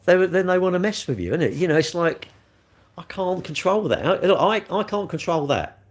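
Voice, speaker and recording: A man's voice: sits high, lively intonation, moderate pace. Rambling man chatting live. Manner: rambling, jokey, answering chat comments. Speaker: livestreamer reading chat. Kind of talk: casual live-stream chat.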